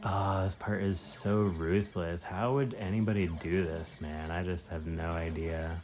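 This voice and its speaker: A man's voice: low-pitched, fairly even intonation, measured pace, darkish tone, a little hiss or hum. A man whose first language is Spanish streams a game live, reacting with slangy exclamations and lots of fillers. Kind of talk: casual live gameplay commentary. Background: game music.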